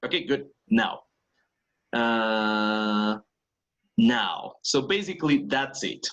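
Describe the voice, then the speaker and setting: A man's voice: on the low side, lively intonation, slow pace, fairly bright tone. A man teaching an English class online, switching between Spanish and English and explaining patiently step by step, checking often that students follow.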